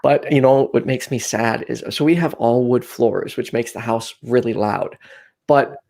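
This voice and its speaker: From a room at home where he's packing up for a move, a man hosts a casual call-in chat show. His medium-pitched voice is creaky and darkish, a little slow, and he rambles a bit anxiously with lots of fillers.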